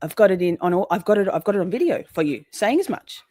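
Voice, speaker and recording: A woman's voice: mid-range voice, very animated, quick pace, warm tone, no room sound, studio quality. A woman hosting a casual livestream, rambling and chatty, swearing freely and breaking off to greet her chat. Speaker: livestream host.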